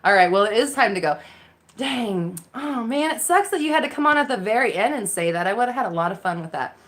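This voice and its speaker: Talking casually into her phone, a mindset coach runs a live Q&A stream, laughing a lot and swearing freely as comments come in. Her bright, forceful voice sits on the high side and swings widely in pitch, delivered in a brisk, animated way.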